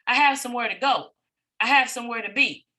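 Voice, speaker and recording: Speaking fast, a business coach presents a motivational training session to her team. This middle-aged woman has a bright, high-pitched voice with a forceful push to it, and she hammers home her points through repetition and rhetorical questions. The recording is rough.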